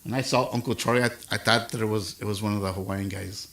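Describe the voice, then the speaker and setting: Gravelly older man chatting softly. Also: fairly low pitch, fairly even intonation, fast talker. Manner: rambling, chatty, soft-spoken. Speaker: live-stream musician. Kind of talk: casual chat with viewers between songs. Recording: acoustic guitar music behind the voice.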